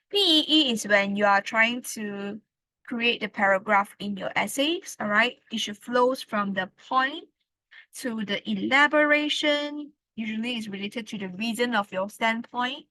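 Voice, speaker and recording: Bright-voiced woman teaching English. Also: a little high, no echo, poor audio. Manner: explains slowly, repeats key words, says "all right" often. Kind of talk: classroom lesson.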